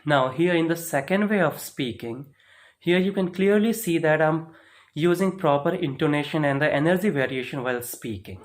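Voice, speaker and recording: A man's voice: a little high, moderate pace. A man teaching a spoken lesson, explaining step by step and checking in with "right?" and "okay?". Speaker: English speaking teacher.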